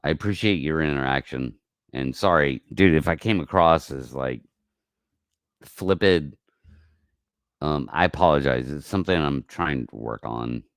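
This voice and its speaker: A man hosting a casual livestream, talking in a rambling, profane way that swings from mumbled asides to loud outbursts, on a close mic. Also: extremely low pitch, measured pace, clear, resonant tone, no echo. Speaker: livestream host.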